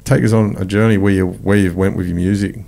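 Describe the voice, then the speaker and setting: A man's voice: low voice, fairly even intonation, fast talker, vocal fry, dark tone. A man hosting a podcast, asking questions in a casual, encouraging way. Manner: encouraging, casual, swears freely. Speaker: podcast host. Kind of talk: casual interview chat.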